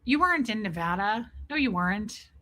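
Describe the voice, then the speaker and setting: A woman hosting a casual livestream, greeting viewers by name and telling a self-mocking story in an animated way. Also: mid-range voice, fairly quick. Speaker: livestream host. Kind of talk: casual livestream chat reading viewer comments.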